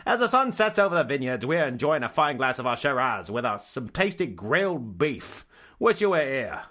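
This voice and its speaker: A man's voice: medium pitch, very animated, moderate pace, pushed and bright, pitched above the performer's own voice. A man voicing a cheery, upbeat male Australian winemaker reading an overblown wine blurb.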